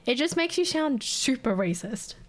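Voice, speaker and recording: A woman's voice: high voice, animated, moderate pace. A young Australian woman with an Australian accent, chatting casually with her stream viewers in a blunt, sweary way and laughing often.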